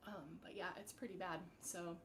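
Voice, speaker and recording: A woman vocal coach leading a live-streamed warm-up, giving gentle, encouraging instructions with plenty of fillers. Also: on the low side, fairly even intonation, moderate pace, a little hiss or hum.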